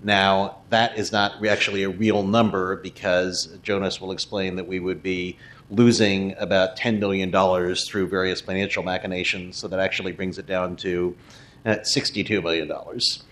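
A man's voice: deep voice, little pitch movement, moderate pace, a bit bright. A man speaking as a city council member at a formal meeting, working through budget figures aloud with frequent restarts.

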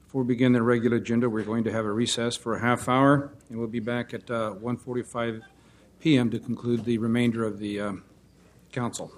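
A man's voice: medium pitch, flat delivery, fairly quick. Man chairing a council meeting. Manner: businesslike and procedural, with brief hesitations. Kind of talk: procedural meeting announcements.

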